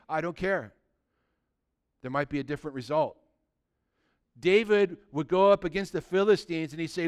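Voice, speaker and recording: A man preaching with a high voice that sounds smooth and resonant. He drives his points home with fervor, then sinks to a low, slow hush for weight, slipping now and then into the voices of the people he quotes. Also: animated. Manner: impassioned preaching, swings from loud exhortation to hushed, drawn-out emphasis. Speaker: pastor. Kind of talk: sermon.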